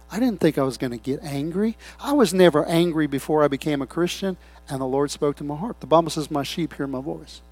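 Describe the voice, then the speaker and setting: A pastor preaching a sermon, swinging between loud appeals and hushed, quiet asides, acting out short quoted voices. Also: male voice, a little high, brisk, dry recording. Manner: acts out people's voices in short quoted bits.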